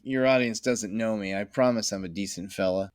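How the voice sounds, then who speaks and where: A man's voice: on the low side, brisk, clear, resonant tone, dry recording, studio quality. A middle-aged man, a podcast guest, talking enthusiastically in casual conversation, rambling and laughing often.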